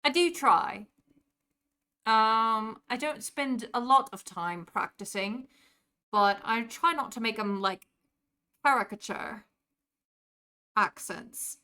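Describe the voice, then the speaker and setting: A woman's voice: a little high, slow, long pauses, sharp tone, clean tone. A young woman streaming a game, chatting casually and answering her viewers by name as she reads the chat.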